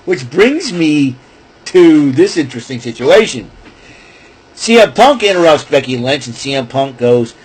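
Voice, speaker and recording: A man casually rambling through a wrestling show recap, excitable and correcting himself as he goes. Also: a little high, measured pace, husky, poor audio. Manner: excitable, self-correcting, chatty asides.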